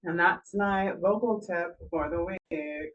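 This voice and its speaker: A woman's voice: lowish voice, slow pace, fairly bright tone. A woman voice coach chatting on a podcast, slipping into little vocal demonstrations to make her points. Her voice sits a little back from the mic. The sound is muffled and dull. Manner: demonstrative, shifts voice to illustrate points. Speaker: voice coach co-host. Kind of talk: casual podcast chat. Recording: muffled audio, a bit far from the mic.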